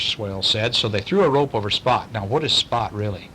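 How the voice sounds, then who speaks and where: A man gently reading a picture book aloud to a child at home, pausing for chatty asides. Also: on the low side, slight background noise. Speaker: parent reading a bedtime story.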